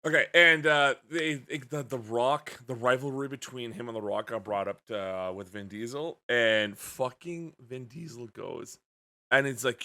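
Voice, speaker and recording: A young man hosting a podcast, telling stories in an animated way and swearing freely. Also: mid-range voice, normal speed. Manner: animated storytelling with swearing and laughs. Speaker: podcast host. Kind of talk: casual podcast chat.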